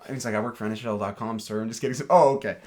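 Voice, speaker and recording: A young man co-hosting a podcast, telling a story in an animated way full of fillers. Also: fairly low pitch, racing. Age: young adult. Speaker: podcast co-host. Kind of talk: casual chat.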